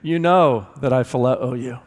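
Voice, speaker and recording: A man's voice: medium pitch, normal speed, big-room sound, lightly acted. A man voicing the apostle Peter, who earnestly and pleadingly declares his love during a sermon.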